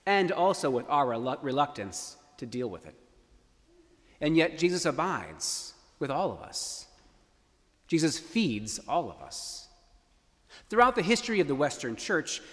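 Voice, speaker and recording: A male preacher delivers an earnest, emphatic sermon. His pitch rises and falls freely, and a long church reverb hangs on each phrase. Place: church sanctuary.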